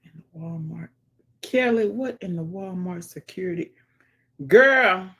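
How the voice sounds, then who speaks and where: A woman's voice: fairly low pitch, slightly rough. A woman hosting a live stream, reading viewer comments aloud in a casual, exclamatory way, with folksy sayings, humming, and whispered asides. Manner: animated and exclamatory, dropping into murmured asides and whispers; folksy sayings and drawn-out hums.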